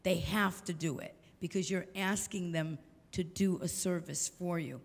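A woman's voice: fairly low pitch, steady tone, unhurried, vocal fry. An older woman giving a storytelling lecture, animatedly acting out the voices of the people she quotes. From United States. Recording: long hall reverb.

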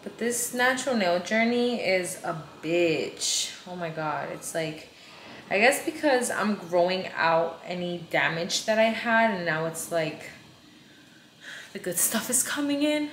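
A woman's voice: on the low side, lively intonation, unhurried, a bit bright, a little hiss or hum. A woman in her twenties, a mom vlogging in a casual, candid, chatty way and swearing freely. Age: 20s. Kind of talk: casual vlog chat.

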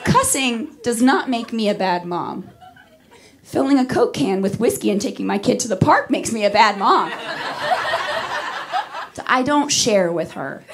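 A woman's voice: on the high side, measured pace, pauses often, noisy background. A woman in her thirties doing a stand-up comedy set, brash and profane, telling stories with big energy. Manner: brash, profane, animated storytelling. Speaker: stand-up comic. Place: comedy club stage.

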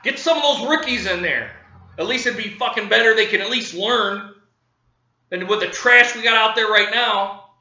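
A man's voice: high-pitched, moderate pace, pushed and bright, roomy sound, dull audio. A man ranting angrily about his football team, cursing and repeating himself, livid. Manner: profane, furious, repeating himself. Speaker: sports fan vlogger. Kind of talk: angry fan rant.

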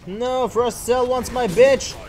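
A man giving excitable gameplay commentary while playing, whooping, swearing and exclaiming often. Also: very high voice, slow pace, a little hiss or hum. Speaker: channel host playing a mobile game.

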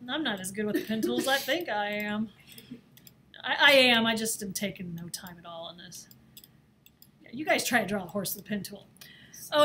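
Chatty, playful woman teaching design software. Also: on the high side, slight background noise. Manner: chatty, playful, laughs at herself, talks while drawing. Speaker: design instructor. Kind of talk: screen-recorded software tutorial. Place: office or classroom.

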